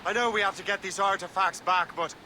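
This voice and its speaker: A man's voice: high voice, fairly even intonation, brisk, close to an everyday voice. An actor with a put-on Irish accent playing a conflicted young male sailor in a video game. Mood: uneasy. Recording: game audio with clear noise.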